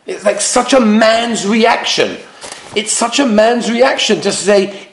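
A rabbi lectures in a high, very lively voice that swoops up and down as he tells stories and repeats his key points for emphasis. His voice rings around a roomy space. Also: slow pace. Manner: animated, emphatic repetition, acts out quotes. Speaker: rabbi giving a talk on marriage. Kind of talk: lecture with anecdotes. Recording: roomy echo.

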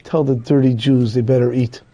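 A man's voice: mid-range voice, little pitch movement, normal speed, warm tone, highs cut off, pitched below the performer's own voice, natural voice. A man voicing a brutal male SS officer who barks commanding orders in a raised voice. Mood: threatening.

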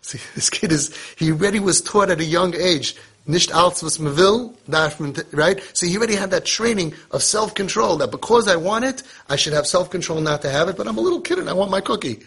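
Husky-voiced man giving a parenting lesson. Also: high voice, lively intonation, quick pace, few pauses, a bit bright. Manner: conversational, sprinkled with Hebrew and Yiddish terms. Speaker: parenting teacher. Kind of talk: casual spoken lesson.

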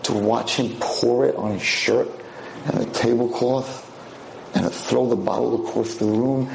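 A man's voice: mid-range voice, fairly even intonation, normal speed, creaky, darkish tone, reverberant. A man giving a lecture to a class of girls, telling a dramatic story and acting out its characters.

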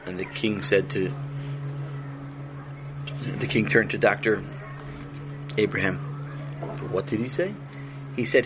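A man narrating a children's story in an animated way, with many fillers and restarts. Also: lowish voice, slow pace, pauses often, noisy background.

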